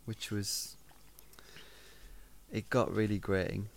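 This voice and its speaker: Man, low voice, casual chat about films, short dry remarks. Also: flat delivery, slow, vocal fry. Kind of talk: casual film discussion.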